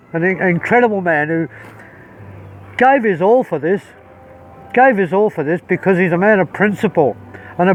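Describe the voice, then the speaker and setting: A man's voice: sits high, recorded from a distance, a little hiss or hum, rough recording. Heated blunt Australian man outdoors. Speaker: self-recorded video speaker. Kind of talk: angry to-camera statement. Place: outdoors at a harbour.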